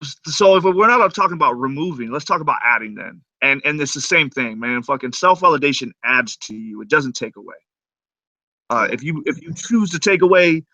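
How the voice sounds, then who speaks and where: A man's voice: on the high side, sharp tone, no echo, dull audio. A man in casual stream talk, speaking in a reflective, laid-back way with casual swearing. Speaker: stream co-host. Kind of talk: casual chat.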